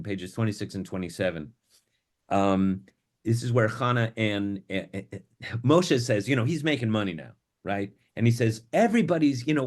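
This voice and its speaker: A man presenting a book discussion, talking with halting restarts and reading passages aloud with lively character intonation. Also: on the low side. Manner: halting restarts when explaining.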